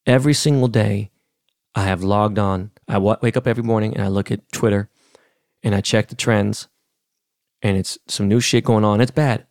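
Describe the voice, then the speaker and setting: A man's voice: fairly low pitch, darkish tone, dry recording, studio quality. A middle-aged man from Los Angeles hosting a podcast, ranting in a blunt, profane, heated way. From Los Angeles, California. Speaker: podcast host. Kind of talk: casual rant.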